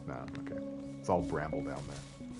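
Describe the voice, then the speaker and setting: A man's voice: extremely low pitch, steady tone, normal speed, vocal fry, loud music behind the voice. A man streaming a video game, rambling and joking to his viewers as he plays. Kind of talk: casual gaming commentary.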